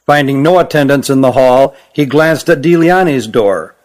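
A man's voice: mid-range voice, normal speed, a little mellow. Man narrating a fantasy audiobook. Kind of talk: scripted narration.

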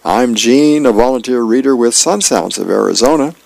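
A man working as a volunteer radio reader, reading the newspaper aloud in an unhurried way. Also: mid-range voice, animated, creaky, darkish tone, dry recording, rough recording.

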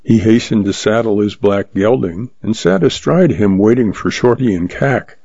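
Male audiobook narrator, low and gravelly, steady read, dry booth. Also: normal speed, no room sound. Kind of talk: scripted narration. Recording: dry, slightly muffled lo-fi.

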